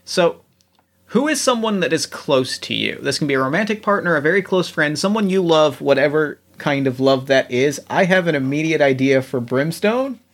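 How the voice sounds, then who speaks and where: A man's voice: on the high side, expressive, moderate pace. A man chatting casually as a tabletop game player, rambling and interrupting himself with jokes. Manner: rambling, self-interrupting, jokey. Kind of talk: casual chat.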